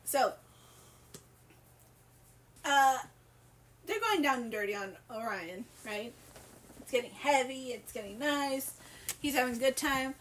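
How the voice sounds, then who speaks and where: A woman's voice: sits high, lively intonation, measured pace, pauses often, fairly bright tone, slight background noise. A woman co-hosting a podcast, telling a story in a giggly, profane, rambling way. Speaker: podcast co-host. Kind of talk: casual storytelling chat.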